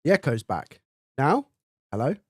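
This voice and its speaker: A man's voice: medium pitch, big pitch swings, unhurried, darkish tone, no echo. A man hosting a live stream in casual chat, thinking aloud and testing his microphone up close with repeated checks. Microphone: studio dynamic mic, close up.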